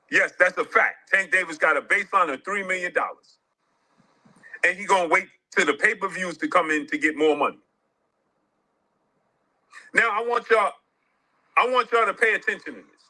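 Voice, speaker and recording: Argumentative man, sports commentary host, high, sharp-toned delivery. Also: normal speed, long pauses, rough recording. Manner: argumentative, scornful. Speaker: boxing manager and show host.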